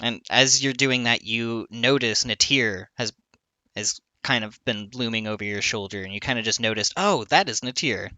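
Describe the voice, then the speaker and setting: A man's voice: lowish voice, steady tone, normal speed, bright, forceful tone, no room sound. A man narrating as game master of a tabletop game, loose and rambling with many fillers.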